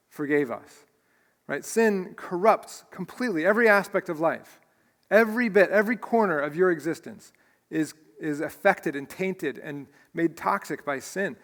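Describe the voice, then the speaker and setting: A man's voice: high-pitched, a bit bright, big-room sound. A man preaching a sermon as pastor, earnest and emotional, often restarting his phrases. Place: church sanctuary.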